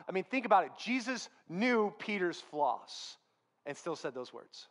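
Guy with a high voice preaching in church, acts out the story bits. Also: moderate pace. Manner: animated storytelling, acting out Bible dialogue. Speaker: pastor. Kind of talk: sermon.

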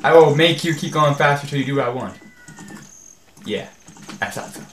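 A man's voice: a little high, normal speed, noisy background. A man hosting a video game playthrough in casual commentary, rambling and easily exasperated. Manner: rambling and easily exasperated, says "freaking" often. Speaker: let's play host. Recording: echoey room with faint game music.

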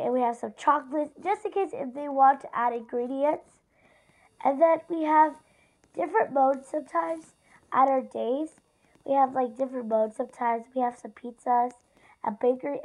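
A high-pitched woman talks at a moderate pace on a rough recording. She's a gaming YouTuber narrating her gameplay in a chatty, rambling way, often speaking straight to her viewers.

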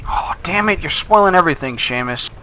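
Bright-voiced man flustered at the controls. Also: fairly high pitch, animated, fairly quick. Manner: flustered, joking reactions. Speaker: player on a game commentary show. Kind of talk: casual let's-play commentary.

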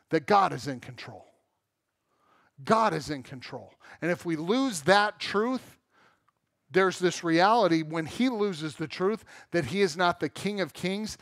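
Male pastor, high voice, casual sermon with self-deprecating humor, recorded dry. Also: dry recording. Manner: conversational, asks the congregation questions. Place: church sanctuary.

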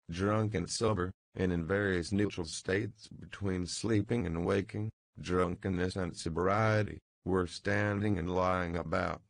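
Male audiobook narrator, measured and even, low voice, dry booth. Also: gravelly, no echo. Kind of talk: scripted narration of a classic novel.

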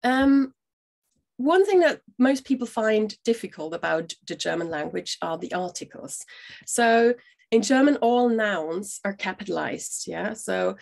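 Patient woman teacher with a gravelly edge. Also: mid-range voice, lively intonation, unhurried, darkish tone. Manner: patient, explains step by step with frequent "yeah?" checks. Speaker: German language teacher. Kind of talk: language lesson to camera.

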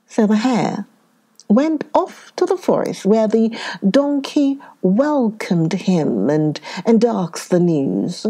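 A woman narrating a children's story, reading slowly and with plenty of expression. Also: medium pitch, expressive, dark tone.

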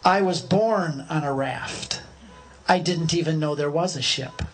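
Older man telling a lively parable. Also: a little high, measured pace. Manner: animated, acts out voices and shouts in the story; preacherly, builds a long parable. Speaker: speaker telling his conversion story. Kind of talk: humorous storytelling talk.

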